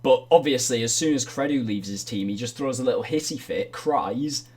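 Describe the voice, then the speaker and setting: A man hosting a parody awards livestream, talking in crude, profane banter. His voice sits at a middling pitch. He keeps up a mocking, running commentary. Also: moderate pace, darkish tone, slightly rough. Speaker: host.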